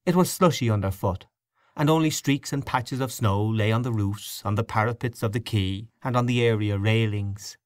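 A man reading a literary short story aloud as an audiobook narrator, in a measured, expressive way. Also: lowish voice, dry recording.

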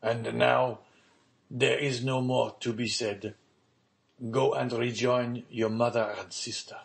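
A man's voice: mid-range voice, little pitch movement, creaky. A man reading a solemn, resigned old father. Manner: slow, grave, measured pleading.

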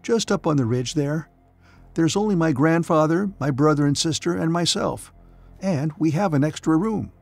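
A man voicing a lame young man who is quiet, thoughtful and firm, with a slightly higher voice. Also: normal speed, gravelly, no echo, faint music behind.

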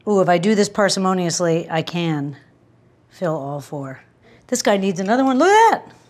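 A woman's voice: on the low side, moderate pace, darkish tone. A woman hosting a casual home cooking demonstration, chatty and wry, with joking asides and anecdotes while she works. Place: home kitchen.

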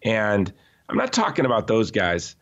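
A man being interviewed, telling stories in an animated, emphatic way with frequent restarts. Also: on the low side, moderate pace, muffled recording. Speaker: interview guest. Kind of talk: conversational podcast interview.

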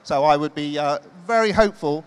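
A man addresses a live crowd from a stage, his voice a little higher than most men's. He speaks in a measured way, dropping hints to build suspense before naming the winner. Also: clear, resonant tone. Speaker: magazine editor presenting award. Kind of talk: on-stage speech. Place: large exhibition hall stage.

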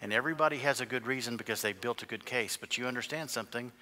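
A male pastor preaching a sermon in a church, moving from quiet, intimate passages to loud, shouted climaxes. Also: mid-range voice, very fast. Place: church sanctuary. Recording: long church reverb.

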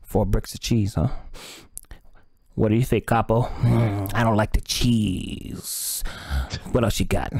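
A thuggish leech cartel boss with a Mexican Spanish accent, as a game master puts him on, lower and louder than the man's usual voice. He drawls crude threats like a gangster while he bargains for goods. This is a tabletop role-playing game voice. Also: fairly even intonation, slow pace, gravelly, husky, no room sound, clean studio sound, exaggerated voice. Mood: bargaining. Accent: Mexican Spanish slang put on.

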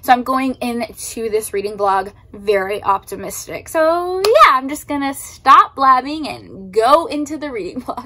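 A woman's voice: on the high side, animated, measured pace, hardly any pauses, pushed and bright. A woman chatting casually in a vlog about books, gushing and filling her talk with "like". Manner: chatty, gushing, says "like" a lot. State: teary, crying happy tears. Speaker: book vlogger. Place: in her car.

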